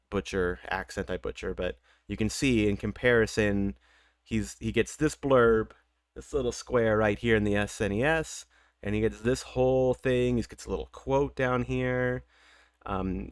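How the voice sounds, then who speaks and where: A man's voice: lowish voice, clean tone, dry recording. Man, young adult, let's play host, casual rambling chatter, self-mocking, dry close sound. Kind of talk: casual gameplay commentary.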